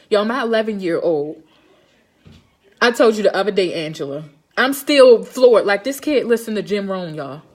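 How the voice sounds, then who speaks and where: A woman, giving a blunt, profane motivational talk on a live stream and often asking if her listeners understand. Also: medium pitch. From Baltimore, Maryland. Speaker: live streamer and home health nurse.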